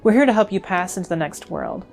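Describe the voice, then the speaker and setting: A woman's voice: on the low side, animated, fast, creaky, faint music behind. A woman reading aloud the lines of a blunt male watcher who guides the dead onward in a video game.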